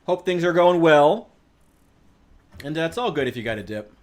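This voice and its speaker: A man's voice: on the high side, expressive, moderate pace. A man chatting casually while streaming a game, ranting with profanity and sarcasm. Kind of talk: casual gaming stream chat.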